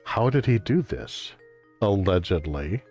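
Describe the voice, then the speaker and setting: Low, unhurried man joking over a game. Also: very animated, darkish tone, soft background music. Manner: wry, joking, exaggerated exclamations. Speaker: game streamer. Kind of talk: let's-play commentary.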